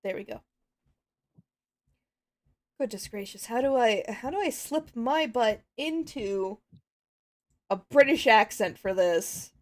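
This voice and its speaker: Woman streamer, casual chat, giggly, self-deprecating, high pitch, slow. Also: lively intonation. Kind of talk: casual chat while dubbing a game.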